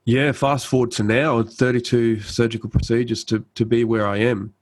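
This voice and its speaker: A man's voice: medium pitch, little pitch movement, normal speed, rough recording. A man in his thirties, a guest and army medic, telling his story casually with lots of fillers and restarts, acting out the dialogue. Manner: laid-back, frequent fillers and restarts, acts out quoted dialogue. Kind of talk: conversational storytelling.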